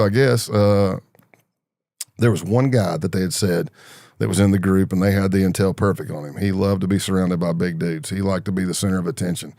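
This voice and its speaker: Low gravelly man telling stories. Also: no echo, studio quality. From American South. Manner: animated storyteller, acts out quoted voices. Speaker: podcast guest, former undercover agent. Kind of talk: storytelling interview.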